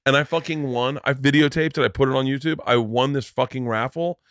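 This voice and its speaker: A middle-aged man hosting a podcast, telling stories in a loose, profane, animated way and acting out the people in them. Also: mid-range voice, brisk, dry recording, clean studio sound. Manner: profane, animated, acts out other people in the story. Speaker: podcast host. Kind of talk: casual comedic storytelling.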